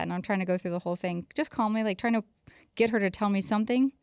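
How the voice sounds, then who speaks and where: A woman's voice: mid-range voice, fast, a little mellow, clear, resonant tone, no room sound, studio quality. A woman in her thirties co-hosting a podcast, telling a story about her kids in casual chat and acting out their lines. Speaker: podcast co-host.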